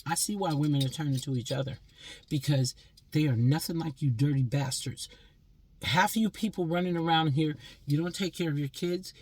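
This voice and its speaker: A woman's voice: low voice, moderate pace, a little mellow, slightly rough, dry recording. A woman in her sixties from Pennsylvania, delivering a blunt, profane, scolding monologue as a vlogger. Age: 60s.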